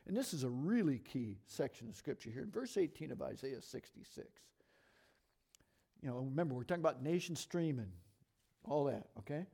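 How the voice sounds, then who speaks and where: A middle-aged man teaching from scripture to a congregation in a lively, conversational way, asking the room questions as he goes. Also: mid-range voice, gravelly, breathy edge. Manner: lively, conversational, talks fast and asks the audience questions. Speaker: bible teacher.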